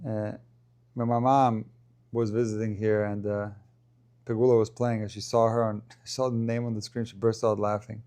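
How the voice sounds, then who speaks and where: Mellow-voiced man calling tennis live. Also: lowish voice, moderate pace, smooth. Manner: chatty play-by-play, rising in excitement at big points. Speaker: tennis commentator streamer. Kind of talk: casual live watchalong commentary.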